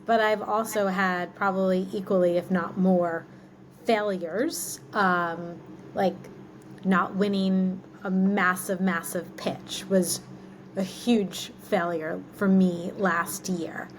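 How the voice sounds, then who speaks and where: A woman's voice: fairly low pitch, fairly even intonation, takes it slowly, a little hiss or hum, rough recording. A woman answering interview questions in a candid, reflective way, dropping plenty of "like" and "um" fillers. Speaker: guest, marketing executive.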